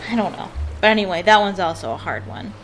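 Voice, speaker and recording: A woman's voice: mid-range voice, lively intonation, moderate pace, a bit bright, faint music behind. A young woman casually commenting on a puzzle game, musing aloud and hesitant, with many fillers. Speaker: let's play gamer.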